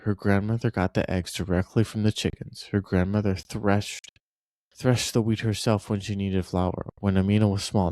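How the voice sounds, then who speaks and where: A man's voice: low-pitched, darkish tone, dry recording. A man reading a short story aloud and breaking off for loose, conversational asides, like a teacher walking a class through a text. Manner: conversational, loose asides between read passages. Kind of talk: reading aloud with casual commentary.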